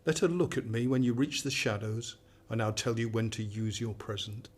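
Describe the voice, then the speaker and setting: Sinister AI companion in a radio play, calm and coaxing, mid-pitched male voice , played by a man. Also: normal speed, a little hiss or hum, natural voice. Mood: commanding. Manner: calm, soothing, manipulative. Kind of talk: radio drama acting.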